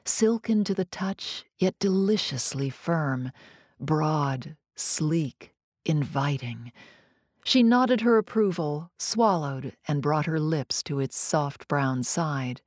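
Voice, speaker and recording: A woman narrating an audiobook in a playful, savoring manner, with teasing pauses, on a close studio mic. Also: deep voice, lively intonation, darkish tone, no echo.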